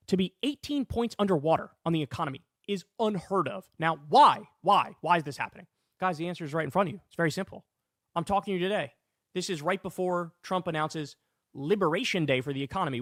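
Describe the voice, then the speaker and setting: A man delivers fired-up political commentary in a fairly high voice, cursing freely and calling out to his viewers. The sound is dry and close, with no room around it. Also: dry recording. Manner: animated, swears, addresses viewers as guys and y'all. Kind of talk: heated political commentary reading news.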